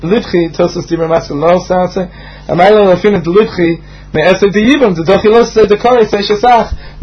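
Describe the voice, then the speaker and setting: A man with a high voice, heard on a muffled recording, delivers a Talmud lecture as a teacher. His explanatory style is rhythmic and sprinkled with frequent fillers.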